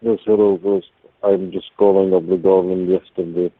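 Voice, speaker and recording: Flat-voiced threatening male caller. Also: deep voice, moderate pace, no echo. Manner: stiff and threatening. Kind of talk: call-in complaint. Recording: dry tinny phone line.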